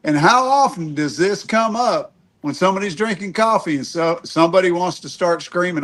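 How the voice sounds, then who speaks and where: A middle-aged man with a fairly high voice hosts a relaxed podcast conversation. He talks in a folksy, meandering way and restarts his sentences as he goes. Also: moderate pace, few pauses. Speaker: podcast host. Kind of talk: casual podcast chat.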